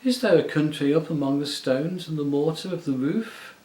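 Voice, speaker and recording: A man reading an audiobook, voicing a soft, soothing, half-mocking enchantress queen. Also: on the high side, moderate pace, roomy sound, pitched above the performer's own voice, close to an everyday voice, poor audio. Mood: coaxing. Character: silky, coaxing enchantress queen, woman. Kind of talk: audiobook character voice.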